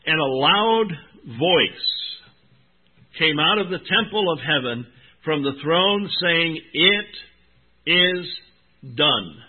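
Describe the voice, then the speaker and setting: Husky-voiced preacher man, tinny sound. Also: medium pitch. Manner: emphatic, drawn-out Bible reading, rising and dropping in volume; addresses listeners as "my friend" and "folks". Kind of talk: sermon. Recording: tinny phone-like recording.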